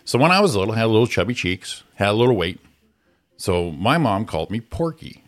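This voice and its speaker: A middle-aged man co-hosting a morning show, telling stories in casual chat and shouting out the voices of people in them. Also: fairly low pitch, brisk. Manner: animated storyteller, shouts out quoted voices.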